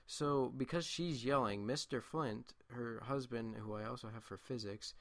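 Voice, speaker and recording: A man's voice: mid-range voice, moderate pace, no echo, clean studio sound. A young man in his late teens tells a long, rambling school story while playing a video game. He breaks off into asides and restarts. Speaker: gameplay commentator. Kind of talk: casual storytelling over gameplay.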